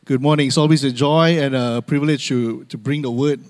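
A man's voice: medium pitch, steady tone, fairly quick. A man preaching a sermon to his church, calling for amens and repeating key phrases for emphasis. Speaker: pastor. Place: church sanctuary. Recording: long hall reverb.

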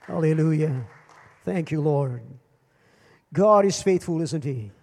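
An older man preaching a sermon as pastor, swinging between loud calls and soft asides and repeating phrases. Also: animated, slow pace. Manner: dramatic swings in pitch and volume, repeats phrases. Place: church service. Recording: long church hall reverb.

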